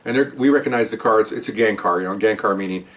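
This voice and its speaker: A man's voice: lowish voice, fast talker, a bit bright, far from the mic. An older man, a retired police officer, telling stories in a casual monologue, checking in with "okay?" and acting out quoted dialogue. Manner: conversational, frequent "okay?" check-ins, acts out quoted dialogue.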